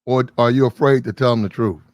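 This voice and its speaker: A man's voice: medium pitch, steady tone, fast, darkish tone, dry recording. Man, livestream host, blunt and disbelieving, swears casually; dry, close sound. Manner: blunt, incredulous, swears freely. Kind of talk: casual commentary.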